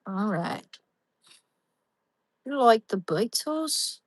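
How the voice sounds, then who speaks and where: A woman's voice: mid-range voice, measured pace, fairly bright tone, dry recording, rough recording. Chatty woman streamer, dry sound. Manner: talks to chat viewers by name, rambling with many restarts. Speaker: livestream host. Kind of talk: casual livestream chat.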